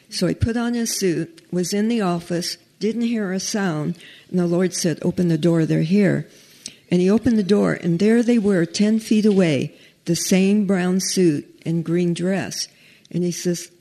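A woman's voice: lowish voice, creaky, dark tone. A woman telling a personal faith testimony in a casual storytelling way, earnestly acting out quoted dialogue.

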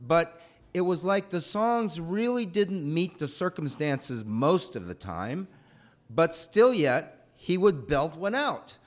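A man telling a personal childhood story in a rambling, animated way. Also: on the high side, slow pace. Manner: animated, rambling, acts out voices.

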